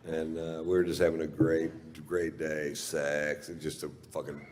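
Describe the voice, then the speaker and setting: A man's voice: very deep voice, monotone, moderate pace, darkish tone. A male stand-up comedian telling a rambling, profane story on stage, speaking in a laid-back way into a handheld mic. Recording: reverberant hall, faint noise.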